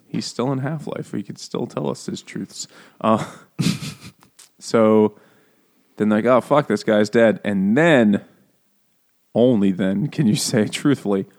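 A man with a lowish voice chatting casually about a book. He laughs a lot and slips into playful voices when he quotes the characters. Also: slow, creaky, pauses often. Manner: jokey, laughing often, animated quoting of characters. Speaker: podcast co-host.

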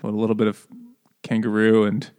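A man's voice: lowish voice, completely flat delivery, brisk, darkish tone, clean tone. Joking, rambling man on a podcast. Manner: joking, laughs often, rambling with many fillers. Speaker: podcast co-host. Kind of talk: casual chat.

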